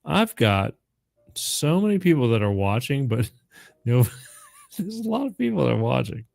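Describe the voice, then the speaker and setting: A man's voice: medium pitch, sing-song, unhurried, creaky, a little mellow. A man hosting a live call-in show, talking casually and rambling, often repeating the phone number.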